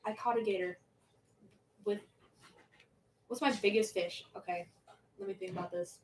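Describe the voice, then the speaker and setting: A woman's voice: mid-range voice, fairly even intonation, normal speed, far from the mic, a little hiss or hum, low-quality recording. Rambling young woman chatting on a livestream. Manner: rambling, self-interrupting, giggly. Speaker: livestream host. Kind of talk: casual chat reading viewer questions.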